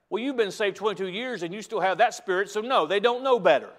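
A man with a high voice preaches a sermon in a church. He drops into soft, close asides, then climbs back up to loud, driving emphasis, stacking repeated phrases as he goes. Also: fast talker, few pauses. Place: church sanctuary.

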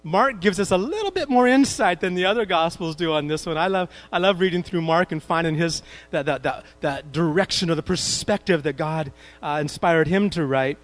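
A man preaching a sermon in an animated way, asking his congregation questions as he retells a story. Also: a little high, normal speed, faint music behind, poor audio. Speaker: pastor.

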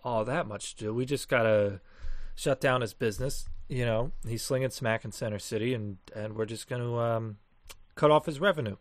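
A man's voice: mid-range voice, moderate pace, no room sound, natural voice. A man voicing a male enforcer in a tabletop game, who talks matter-of-factly about following orders. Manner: matter-of-fact, hesitant fillers.

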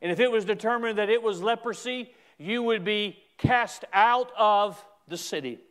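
A man preaching a sermon as a pastor, emphatic, with repeated restarts and stretches where he rises to a shout. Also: high-pitched, moderate pace, clear, resonant tone.

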